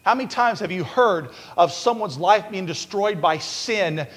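A man preaching a sermon as pastor, with many fillers and restarts, building to repeated shouted warnings. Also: high-pitched, expressive, a little slow. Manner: preaching with rising shouts and repetition. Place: church sanctuary. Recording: long hall reverb.

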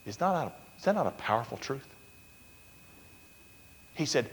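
Male pastor preaching, storytelling, goes loud then real quiet, long church reverb. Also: mid-range voice, sing-song, normal speed, long pauses, a little hiss or hum. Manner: storytelling, swings from loud urgency to hushed near-whisper. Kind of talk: sermon.

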